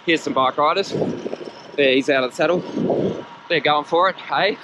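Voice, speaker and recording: Out on a ride through a national park, an Australian cycling vlogger chats to the camera in a jokey, upbeat way, using plenty of local slang. His voice is a little high and moves at a moderate pace. The background is noisy, with music playing.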